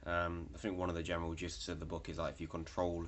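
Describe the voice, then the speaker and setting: Young guy with a really low voice, rambling on, swearing a lot. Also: monotone, quick pace, fairly bright tone, slight background noise. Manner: rambling, frequent fillers and swearing. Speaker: vlogger. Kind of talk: casual storytelling monologue.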